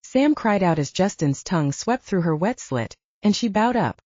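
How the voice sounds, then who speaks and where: A woman narrating a romance audiobook in an expressive, animated reading. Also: medium pitch, moderate pace, dry recording, lo-fi sound. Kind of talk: scripted narration.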